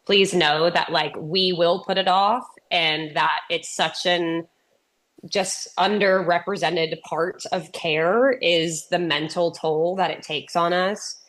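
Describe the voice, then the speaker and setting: Speaking slowly, with fairly even intonation and a low, fairly bright voice, a thirty-something Texan comedian gives a keynote by remote presentation. She's a chatty, self-deprecating storyteller recovering from a sinus infection.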